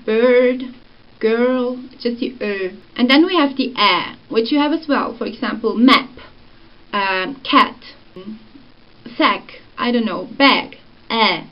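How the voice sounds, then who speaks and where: A woman's voice: on the high side, takes it slowly, muffled recording. A young woman, casually explaining pronunciation in a vlog lesson. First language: Swiss German. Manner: easygoing, explains with examples. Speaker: vlogger.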